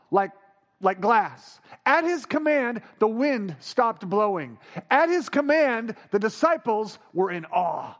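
High-voiced man preaching a sermon.

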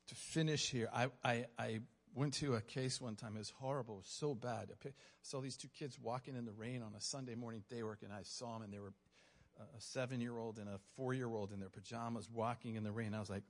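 A man preaching, telling a story from his police days with emotion, dropping to a hush and then rising loud. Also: medium pitch. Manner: emotional, dramatic pauses, swings from hushed to loud. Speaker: preacher, former police officer. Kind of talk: sermon storytelling. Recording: long hall reverb.

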